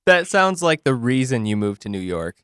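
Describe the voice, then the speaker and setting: A man's voice: mid-range voice, big pitch swings, normal speed, fairly bright tone, clear, resonant tone, dry recording, studio quality. A young man hosting a show, chatting casually in a giggly, enthusiastic way. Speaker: podcast host. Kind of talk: casual chat.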